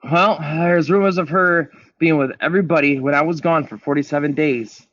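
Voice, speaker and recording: A man's voice: on the high side, moderate pace, a bit bright, dry recording, lo-fi sound. A man guest on a podcast, telling his story in a blunt, emphatic way with plenty of swearing. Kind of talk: candid storytelling interview.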